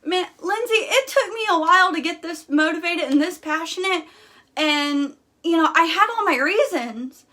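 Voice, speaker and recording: A woman's voice: very high voice, animated, moderate pace, bright, forceful tone. A young woman hosting a casual live stream, talking bluntly and candidly with lots of fillers.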